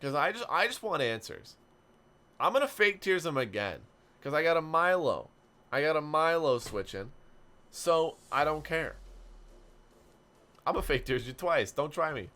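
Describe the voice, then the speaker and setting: A young man streaming a game, telling stories in an animated way and chatting to his viewers. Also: a little high. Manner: animated storytelling, quick asides to chat. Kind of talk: casual stream commentary while playing.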